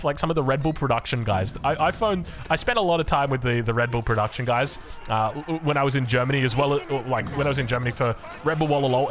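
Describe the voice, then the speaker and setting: A man's voice: fairly high pitch, fairly bright tone. A young Australian man giving chatty, enthusiastic commentary on a strategy game match, wandering into rambling asides. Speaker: game caster. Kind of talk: esports commentary.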